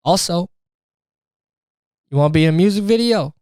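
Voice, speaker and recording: A man putting on a laid-back, generous male rapper with loose street slang, his voice pushed noticeably higher than his own. It is delivered in an upbeat, easygoing way, and the sound is close and dry. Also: normal speed, darkish tone, clean tone, no room sound, natural voice. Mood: hyped.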